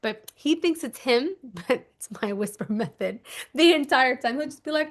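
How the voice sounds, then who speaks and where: Emphatic woman coaching, slightly high voice. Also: moderate pace. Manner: emphatic, repeats instructions, checks in with "okay?"; animated, acts out little scenes. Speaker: manifestation coach. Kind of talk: casual teaching monologue.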